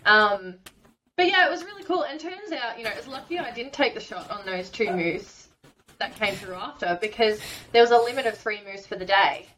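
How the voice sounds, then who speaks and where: A woman from Australia with an Australian accent, a podcast guest recounting a story in animated, emotional detail and laughing often. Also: on the high side, normal speed, a crowd in the background, low-quality recording. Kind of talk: casual storytelling.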